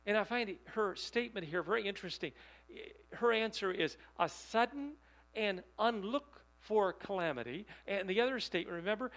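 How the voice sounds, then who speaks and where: A man preaching a sermon, reading quotations slowly and putting rhetorical questions to his listeners. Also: sits high, fairly bright tone, poor audio. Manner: emphatic, rhetorical questions to the audience; reads quotations aloud slowly.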